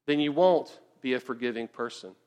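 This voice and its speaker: A pastor preaching a conversational sermon in church, often checking in with the congregation with quick asides. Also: male voice, medium pitch, darkish tone, clear, resonant tone. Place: church sanctuary.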